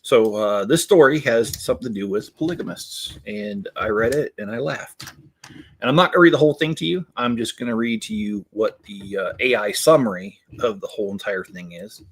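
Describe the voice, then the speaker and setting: A man's voice: fairly low pitch, normal speed, breathy edge. Chatty, laughing man on a livestream. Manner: rambling, lots of fillers, breaks into laughter. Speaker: livestream host building Lego. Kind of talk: casual livestream chat while building.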